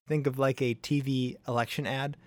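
A man's voice: mid-range voice, level tone, normal speed, dry recording. A young man co-hosting a podcast, telling a history story in a casual, chatty way and chuckling often. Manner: conversational, chuckles often, puts on silly voices for quotes.

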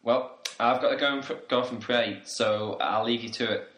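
A man plays a pompous young male revolutionary from England who preaches at everyone. His bright tone rings out in an echoey room. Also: mid-range voice, steady tone, normal speed, lightly acted. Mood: smug. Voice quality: pompous, speechifying. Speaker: student activist on a volunteer trip.

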